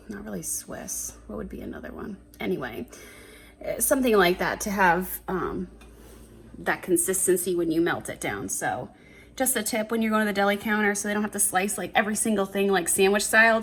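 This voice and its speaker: A woman's voice: mid-range voice, a bit bright, a little hiss or hum. A woman vlogging a cook-along in her home kitchen, chatty and giggly, rambling with fillers as she talks to the camera. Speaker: cooking vlogger. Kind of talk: casual cook-along chat. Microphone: camera on a tripod.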